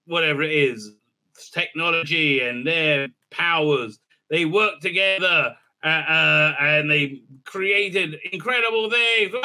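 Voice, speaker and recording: Guy ranting thru a show recap, sarcastic and rambly, kinda high voice with a really sharp edge. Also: slow pace. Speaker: show reviewer. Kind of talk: casual recap and review.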